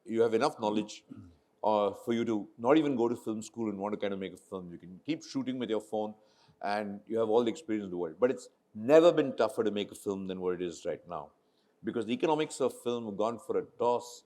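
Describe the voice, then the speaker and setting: A man's voice: lowish voice, fast. A middle-aged man with an Indian English accent, a film director telling stories onstage and acting out the quoted dialogue. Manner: animated storyteller, acts out quoted dialogue. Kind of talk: casual onstage conversation.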